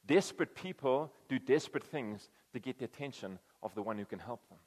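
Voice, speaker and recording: Man preaching a casual, lively sermon. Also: mid-range voice, fairly quick, breathy edge, long reverb tail. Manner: conversational, acts out quoted voices. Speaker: pastor.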